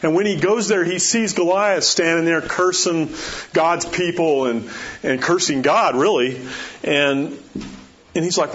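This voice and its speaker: A male pastor with a fairly high, slightly bright voice preaches unhurriedly, emphatic and telling stories while repeating rhetorical questions. The recording is dull and lo-fi.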